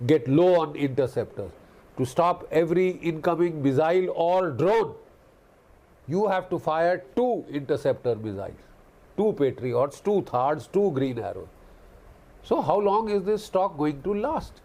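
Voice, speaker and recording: A man's voice: on the high side, darkish tone. A man giving impassioned commentary on a news broadcast, indignant and lecturing, often repeating phrases for emphasis. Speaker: guest commentator on a news channel.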